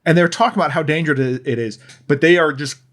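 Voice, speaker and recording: A man's voice: on the high side, quick pace, a bit bright. Wry man from the Midwest reviewing films. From American Midwest. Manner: wry, opinionated, thinking aloud. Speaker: podcast co-host. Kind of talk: casual film-review chat.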